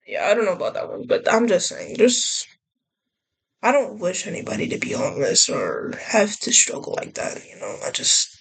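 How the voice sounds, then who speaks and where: A woman's voice: medium pitch, big pitch swings, moderate pace, gravelly, slightly rough. A young woman vlogger rambling casually, often trailing off and restarting her thoughts. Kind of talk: casual chat.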